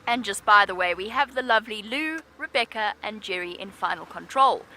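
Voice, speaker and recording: A woman's voice: medium pitch, animated, fairly quick, pushed and bright, slight background noise. A woman presenting a live safari drive from an open vehicle, chatty, upbeat and playful.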